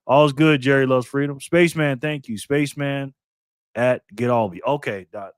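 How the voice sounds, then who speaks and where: A man's voice: medium pitch, fairly even intonation, moderate pace, smooth, no echo, clean studio sound. A man hosting a casual livestream, greeting viewers by name and calling them "man" and "bro". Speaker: livestream host. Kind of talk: casual livestream chat reading viewer comments.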